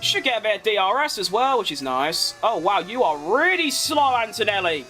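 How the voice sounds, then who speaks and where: Over faint background music, a male gaming creator with a high-sitting voice commentates live on his racing game. He's excitable, quick to yell at near misses, and drops casual swear words.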